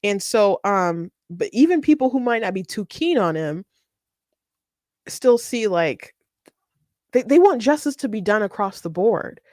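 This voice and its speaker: A woman's voice: medium pitch, very animated, measured pace, a little mellow, dry recording, studio quality. A woman hosting casual political commentary, chatty and scornful, with frequent laughs, fillers and restarts. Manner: scornful, sarcastic.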